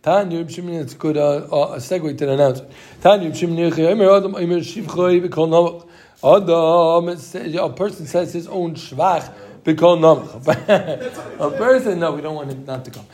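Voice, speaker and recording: A man's voice: fairly high pitch, brisk, a little mellow. A man leads a casual Talmud class. He talks in a loose, rambling way, repeats himself, and keeps dropping Hebrew and Yiddish terms into his English. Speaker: Talmud teacher.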